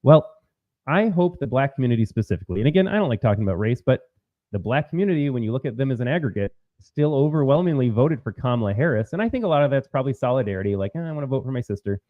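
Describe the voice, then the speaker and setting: A man's voice: medium pitch, sing-song, fast, no room sound, phone-quality sound. A man hosting an opinionated political commentary, talking emphatically to his viewers and repeating his points.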